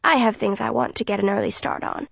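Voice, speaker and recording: A woman voicing a reserved woman who speaks briskly and curtly. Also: a little high, creaky, slightly rough, no room sound, exaggerated voice.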